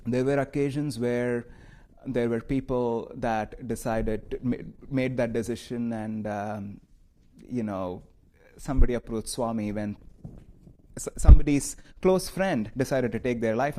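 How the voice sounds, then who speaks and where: A man's voice: medium pitch, a little mellow. A man leads a talk at a meditation center in a loose, conversational way. He answers questions from the room, chuckles often and leans on "you know" as he thinks aloud. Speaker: meditation teacher. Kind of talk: spiritual talk with questions from the audience.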